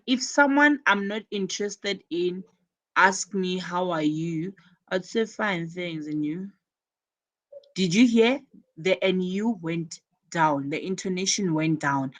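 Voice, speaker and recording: Slow-speaking woman teaching English. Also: medium pitch. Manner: slow, careful, repeats example phrases. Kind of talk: English lesson explaining conversation.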